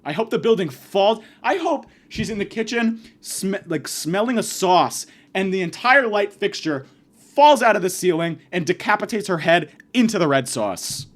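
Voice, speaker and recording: A man delivering a profane comedic rant, abrasive and insulting, swinging from yelling to muttering. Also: sits high, expressive, normal speed. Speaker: comedic ranter.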